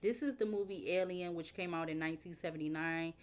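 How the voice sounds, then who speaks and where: A woman's voice: lowish voice, a little fast, clear, resonant tone. A young adult woman doing a casual tarot reading, rambling and thinking aloud, spelling words letter by letter. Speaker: tarot reader.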